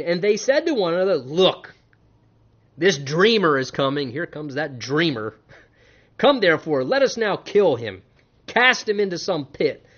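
A man preaching a sermon, reading scripture aloud and commenting on it emphatically, swinging between loud stresses and quiet asides. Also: fairly high pitch. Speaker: pastor. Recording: dull lo-fi sound.

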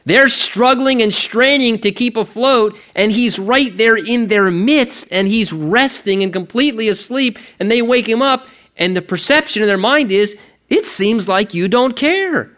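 High-voiced earnest preacher, lo-fi. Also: male voice, normal speed, few pauses, bright, forceful tone. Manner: earnest, acts out quoted complaints, rhetorical questions. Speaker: pastor. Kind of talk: sermon.

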